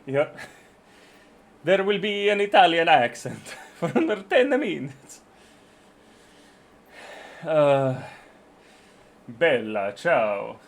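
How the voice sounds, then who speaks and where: Guy on a live stream reading legal rules out loud, kinda high voice, swears a lot, keeps tripping over his words and restarting. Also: very animated, a little slow, vocal fry. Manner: profane, joking, stammers and restarts often. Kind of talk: casual live-stream chat while reading terms of service aloud.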